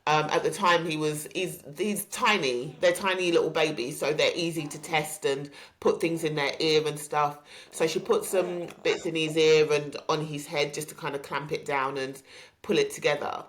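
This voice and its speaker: A woman, hosting a podcast and candidly recounting a personal story with many pauses and ums. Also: low-pitched, fairly even intonation. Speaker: podcast host.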